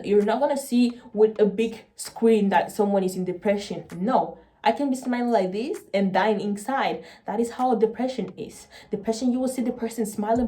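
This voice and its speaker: Soft-toned young woman, emotional and halting. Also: a little high. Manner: earnest, halting, repeats words. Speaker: vlogger. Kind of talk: personal confessional storytelling.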